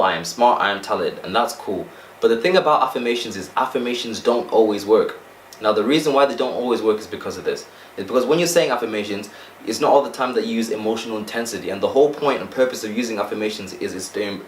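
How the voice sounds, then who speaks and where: Fast-talking low-voiced man, echoey room. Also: far from the mic, a little hiss or hum. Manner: earnest, repeats points with "right?" and "okay?". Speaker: self-help vlogger. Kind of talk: motivational talk to camera.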